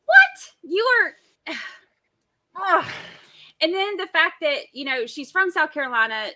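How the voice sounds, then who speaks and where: A woman's voice: high-pitched, lively intonation, moderate pace, pushed and bright, no echo. A woman co-hosting a casual true-crime chat, often exasperated and laughing. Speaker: co-host.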